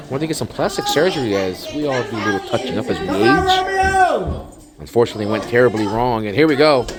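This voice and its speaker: A man doing joking play-by-play commentary for a wrestling match, his voice jumping up sharply at the big moves. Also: medium pitch. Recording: loud crowd and music behind.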